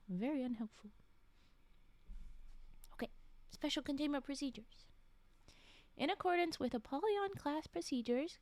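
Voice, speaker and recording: Her voice sits high with a darkish tone, captured in a dry recording. As a streamer casually reading spooky stories, she breaks off frequently to talk, laugh, whisper asides and respond to chat.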